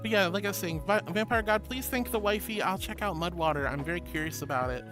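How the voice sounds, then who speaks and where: A woman's voice: lowish voice, quick pace, over music. A woman streaming as a VTuber host, chatting casually, reading chat aloud and thanking viewers with affectionate pet names.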